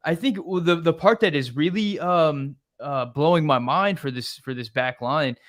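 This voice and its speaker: A man's voice: fairly high pitch, normal speed. Upbeat American male podcast host breaking down soccer tactics. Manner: energetic, reads viewer comments. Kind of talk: sports analysis chat.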